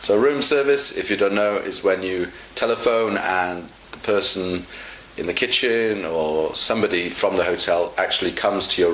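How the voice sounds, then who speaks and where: A man teaching English in a relaxed online lesson, explaining slowly and patiently with many fillers. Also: low voice. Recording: echoey room with faint hiss.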